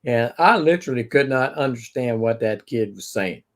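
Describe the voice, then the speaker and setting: A man chatting casually as a regular on a livestream, relaxed, with short agreements. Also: mid-range voice, moderate pace. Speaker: regular co-host. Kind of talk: casual chat.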